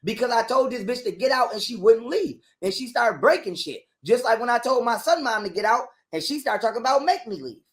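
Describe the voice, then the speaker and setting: A man telling a long story in a casual interview, animated and full of cursing and repetition. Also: extremely high pitch, brisk, few pauses. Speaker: guest telling his story.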